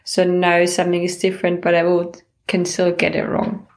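Woman, lowish creaky voice, even tone, thoughtful casual book talk. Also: normal speed. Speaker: book club participant.

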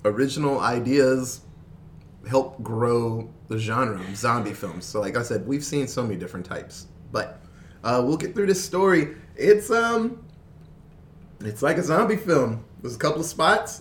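A man's voice: medium pitch, normal speed, a little hiss or hum. A man casually retelling a zombie film plot, laughing often and acting out the characters' lines. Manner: animated storyteller, laughs often, mimics characters. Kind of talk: casual movie recap chat.

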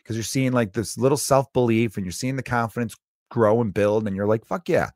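Male podcast host, 30s, mid-pitched, chatty and upbeat, dry booth sound. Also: steady tone, a little fast, darkish tone, no echo. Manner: chatty, motivational, swears casually. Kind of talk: casual solo podcast monologue.

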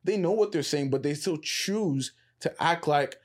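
Animated man telling stories in chat. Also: on the high side, measured pace. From Nigeria. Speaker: podcast host. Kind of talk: casual chat.

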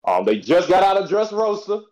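A man co-hosting a podcast, chatting casually about anime in a slangy, excitable, rambling way. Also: high-pitched, moderate pace. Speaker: podcast co-host. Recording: dull lo-fi recording.

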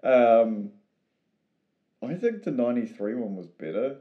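A man's voice: mid-range voice, sing-song, unhurried, muffled recording. A man co-hosting a podcast, joking playfully and trailing off mid-thought. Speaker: podcast co-host. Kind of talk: casual chat.

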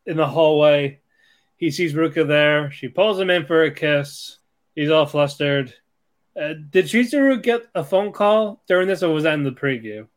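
A man co-hosting a podcast, casually recapping episodes in a rambling way, swearing and laughing as he acts out characters' lines. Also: a little high. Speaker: podcast co-host.

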